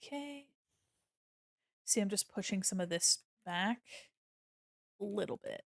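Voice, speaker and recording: A woman's voice: medium pitch, lively intonation, measured pace, creaky, no echo, studio quality. A woman streaming while she draws, chatting casually with her viewers, playful and mock-offended, laughing often. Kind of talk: casual live-stream chat while drawing.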